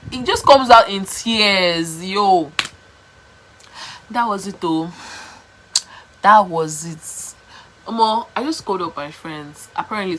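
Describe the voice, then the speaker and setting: A woman's voice: medium pitch, a little hiss or hum, poor audio. Chatty Nigerian woman telling a story. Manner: chatty, animated, repeats herself, slips into pidgin. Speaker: vlogger. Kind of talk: casual storytelling to camera.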